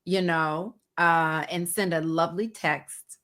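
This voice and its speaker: A woman co-hosting a podcast speaks in a measured, reassuring way. She reflects on her working life with a bright, clear voice. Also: on the low side, fairly even intonation. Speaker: podcast co-host, former news anchor. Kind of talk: casual chat.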